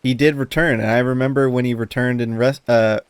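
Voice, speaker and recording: A man co-hosting a podcast, telling a story in casual chat, animated, laughing as he talks and swearing often. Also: medium pitch, fairly quick, clear, resonant tone, dry recording. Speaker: podcast co-host.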